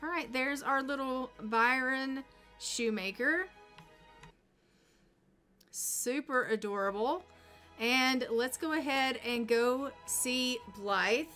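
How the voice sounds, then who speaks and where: Woman streamer, unhurried gameplay chatter, slightly high voice. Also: sharp tone, soft background music. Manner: chatty, talks to her game characters. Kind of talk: casual gameplay commentary.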